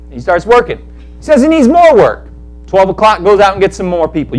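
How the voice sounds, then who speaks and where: A man preaching a sermon, telling a parable in animated storytelling style and acting out the characters in quick asides. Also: sits high. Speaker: pastor.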